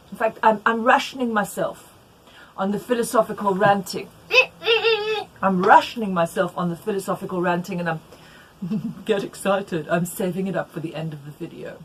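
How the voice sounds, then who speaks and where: A woman teaching knitting in a playful, rambling way, with jokey asides and sudden loud bursts. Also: mid-range voice, breathy edge, poor audio. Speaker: knitting tutor. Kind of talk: chatty knitting tutorial.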